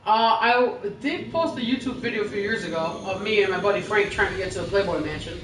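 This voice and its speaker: A woman's voice: mid-range voice, fast, recorded from a distance, noisy background. A woman co-hosting a casual wrestling chat show, talking in a chatty, profane, storytelling way. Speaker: podcast co-host. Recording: roomy live stream with music, off-mic.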